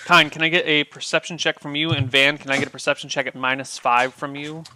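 A man acting as game master, narrating scenes and calling for dice rolls in a relaxed, descriptive way. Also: on the high side, no room sound. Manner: descriptive, unhurried scene-setting.

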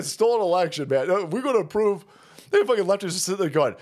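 A man ranting on a livestream, foul-mouthed and excitable, laughing between his remarks. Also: sits high, fast talker. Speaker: streamer.

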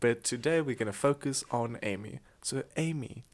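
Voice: medium pitch, normal speed. A young adult podcast host in casual chat, joking and teasing as they talk.

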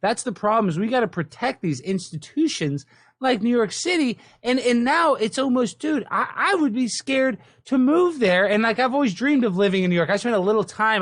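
A man from Texas hosting a casual podcast chat, excitable and animated, often stumbling over repeated words. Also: high voice, no echo, clean studio sound. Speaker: podcast host.

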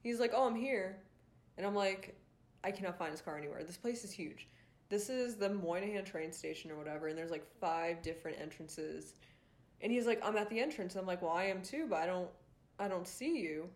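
A woman's voice: fairly low pitch, a little fast, darkish tone. Chatty young woman telling a story. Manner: chatty, swears freely, frequent likes and ums. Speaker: vlogger. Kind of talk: casual storytime vlog.

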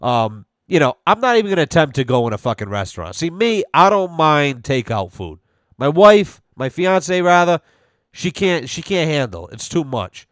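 A man's voice: fairly high pitch, big pitch swings, normal speed, no echo, clean studio sound. A man ranting bluntly and sarcastically as a podcast host, swearing constantly. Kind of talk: casual profane rant.

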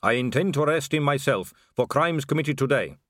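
A man's voice: medium pitch, lively intonation, fairly quick, fairly bright tone, no echo, studio quality, pitched above the performer's own voice, natural voice. A man voicing a stiff, proper male city watch captain in an audiobook, formal in manner.

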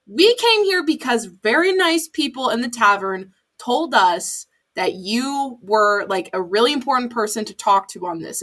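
A woman player at a tabletop game who lectures with indignation in a high voice. Her pitch swings widely as she talks. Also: fairly bright tone. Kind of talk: tabletop role-play.

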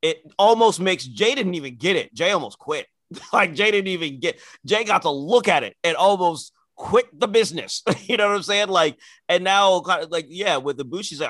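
A man co-hosting a casual talk show, chatting loosely and working himself up into loud, excited rants. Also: a little high, moderate pace, no room sound. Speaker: podcast co-host. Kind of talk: casual chat.

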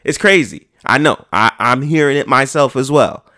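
A man's voice: mid-range voice, moderate pace, bright, forceful tone. A man, hosting a podcast in a slangy, profane, rambling way. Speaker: podcast host. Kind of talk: casual podcast chat.

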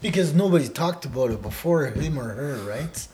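A man with a voice on the higher side co-hosts a laid-back conversational podcast. He speaks easily and tags his sentences with "eh?". There is a faint noise bed under the voice. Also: lively intonation, moderate pace. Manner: laid-back, ends phrases with "eh?", turns loud and laughing when telling stories. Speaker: podcast co-host teaching Odawa. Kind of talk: casual conversational chat.

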